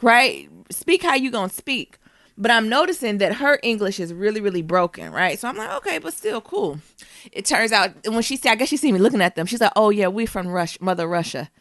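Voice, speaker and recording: Woman co-host, casual storyteller, swears freely, swings her pitch a lot, dry mic. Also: no echo. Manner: animated, profane, laughs often, acts out quotes. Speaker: podcast co-host.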